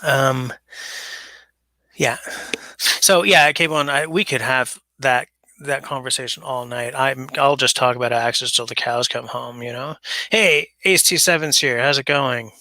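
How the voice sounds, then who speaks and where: Man, livestream host, gravelly, bright tone, dry close sound, rambling chat. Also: medium pitch, unhurried, no room sound. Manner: rambling, chatty, reads chat aloud. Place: basement. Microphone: smaller mic than his usual setup.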